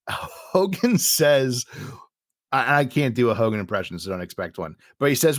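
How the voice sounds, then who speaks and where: A man co-hosting a podcast in casual chat, retelling scenes in an animated way with frequent laughter. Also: mid-range voice, a little slow, no room sound, studio quality. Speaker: podcast co-host.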